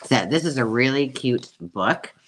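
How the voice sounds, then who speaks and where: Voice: medium pitch, lively intonation, measured pace, slight background noise. A host chatting casually through a live sale, self-mocking and cooing over old pictures. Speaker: host selling vintage books.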